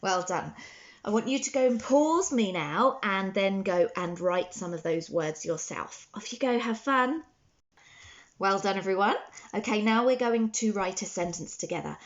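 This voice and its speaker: A woman teaching a children's phonics lesson, sounding out words slowly and praising often. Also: medium pitch, animated, muffled recording. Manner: slow, sounding out words letter by letter with encouraging praise.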